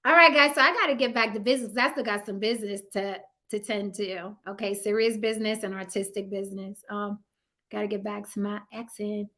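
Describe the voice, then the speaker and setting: Bright-voiced woman hosting a chatty livestream. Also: medium pitch, fairly even intonation, a little fast. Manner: chatty and laughing, reads out viewer comments; slangy, teasing the audience. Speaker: livestream host. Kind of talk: casual livestream sign-off, talking to chat.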